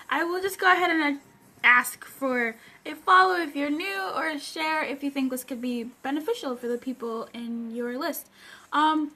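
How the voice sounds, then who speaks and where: A woman's voice: high voice, moderate pace. A woman coach hosting a live stream, chatting upbeat with viewers and greeting them by name between points. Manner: upbeat, greets viewers mid-sentence, bursts of excitement. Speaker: personal development coach hosting a livestream.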